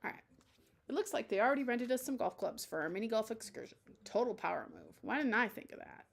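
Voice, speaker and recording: A woman's voice: a little high, lively intonation, fast talker, vocal fry. A young woman streamer reading a dating game aloud at home, playful and chatty as she acts out the text.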